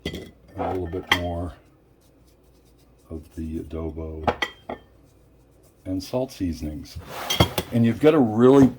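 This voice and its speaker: Low-voiced man chatting through a cooking demo. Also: takes it slowly, long pauses, heavy background noise. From Puerto Rico. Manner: chatty, talks straight to viewers as "folks". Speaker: cooking show host. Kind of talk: casual cooking demonstration. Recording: clear clatter of dishes and utensils.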